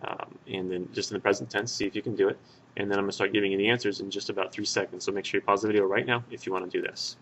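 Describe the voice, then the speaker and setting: A man with a lowish voice walks through a Spanish grammar lesson as a voice-over. He explains patiently, pausing on fillers and correcting himself as he goes. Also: fairly even intonation, fairly bright tone, a little hiss or hum. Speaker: Spanish teacher. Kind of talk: screen-recorded grammar lesson.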